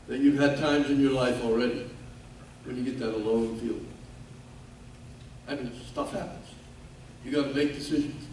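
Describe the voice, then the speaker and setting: A man's voice: medium pitch, a little mellow. An older man gives a speech as guest speaker, telling his story in a folksy way with self-mocking humor. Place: large hall at a ceremony. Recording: echoey hall from far off, faint noise.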